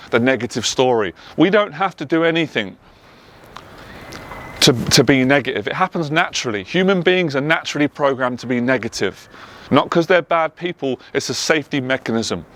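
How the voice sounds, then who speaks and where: A man from England with a London accent speaks as a motivational speaker. He tells his own story earnestly and emotionally, hammering home his points with repeated phrases. His voice sits at a middling pitch. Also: animated, moderate pace, a bit bright. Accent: London English. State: tearful at times. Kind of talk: personal testimony monologue.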